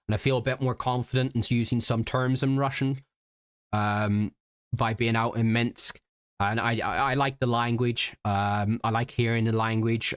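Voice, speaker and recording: Rambling, low-voiced man from Britain. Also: clean tone, no room sound, clean studio sound. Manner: rambling, halting, full of fillers and restarts. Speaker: streamer. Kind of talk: casual storytelling chat.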